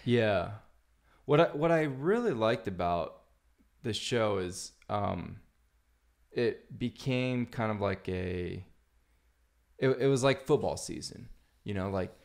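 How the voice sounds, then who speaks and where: Low, gravelly male podcast host; relaxed, rambling delivery with lots of fillers. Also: slow, pauses often. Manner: laid-back, rambling with many fillers. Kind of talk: casual chat.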